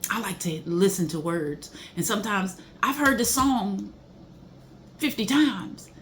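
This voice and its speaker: A middle-aged woman delivers a faith-based motivational talk at an ordinary, mid-range pitch. Her speech is emphatic and preachy, and she often breaks into exclamations as she drives home each point. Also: measured pace, a little hiss or hum. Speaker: motivational speaker.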